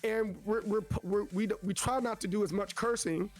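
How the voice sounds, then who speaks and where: Guest streamer, male, high register, rambling delivery, from Tennessee. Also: fairly even intonation, moderate pace, faint music behind. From Tennessee, USA. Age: adult with children. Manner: rambling, frequent restarts, acts out quotes. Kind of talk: casual interview talk.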